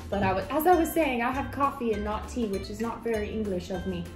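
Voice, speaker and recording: A woman's voice: on the high side, lively intonation, fast talker. Bubbly young woman chatting over music. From United States. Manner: bubbly, hyper and rambling. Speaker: vlogger. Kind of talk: casual chat while gardening. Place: at home, indoors and in the yard.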